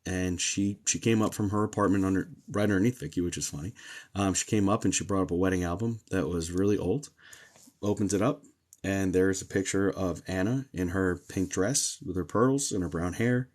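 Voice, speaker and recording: A man's voice: low voice, normal speed, a little mellow. A man hosting a live stream as a psychic medium, chatting casually and telling stories with plenty of ums and uhs.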